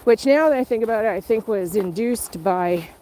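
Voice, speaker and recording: A woman's voice: mid-range voice, expressive, moderate pace, dark tone, slight background noise, poor audio. A woman telling a personal story on a live stream while walking her dog outdoors in a rural area, speaking candidly and rambling. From Canada. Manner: candid, rambling, checking on viewers. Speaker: vlogger.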